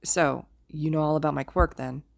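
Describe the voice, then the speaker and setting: A woman voicing a flat, sarcastic teenage boy who talks in a low, droning deadpan. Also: quick pace, no echo, studio quality, lightly acted.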